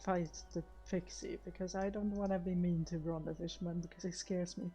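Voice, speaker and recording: A woman streamer thinking aloud while she plays, chatty and a little unsure of herself. Her voice is warm and mellow. Soft game music sits in the background. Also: lowish voice, flat delivery, moderate pace. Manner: chatty, self-deprecating, hesitant. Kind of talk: casual game commentary.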